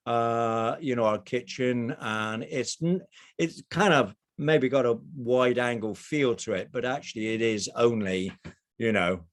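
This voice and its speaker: A man in middle age speaks from a small boat kitchen, talking into a video call. His voice sits at an ordinary middle pitch. He tells his story in an animated way, often stopping to restart his sentences. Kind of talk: storytelling presentation. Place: narrowboat kitchen.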